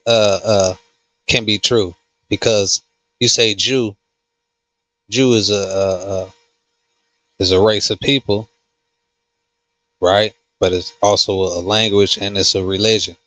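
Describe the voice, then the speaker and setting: A man who hosts a casual livestream and reads comments, talking slowly with many fillers and restarts. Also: on the low side, fairly even intonation, a bit bright, no echo. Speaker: host.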